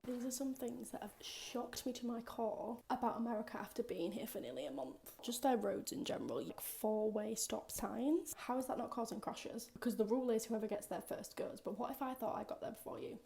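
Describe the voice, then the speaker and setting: An English woman with a gravelly, mellow voice complains about things with exasperation. She talks casually to camera, and a faint hiss sits behind her. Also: on the high side, brisk, few pauses. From England. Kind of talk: casual vlog monologue.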